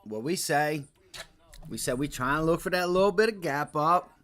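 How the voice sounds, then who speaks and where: A man's voice: fairly high pitch, normal speed, fairly bright tone. A man hosting a live stock trading stream, chatting casually through the market news in a loose, slangy, rambling way. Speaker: stock trading livestream host.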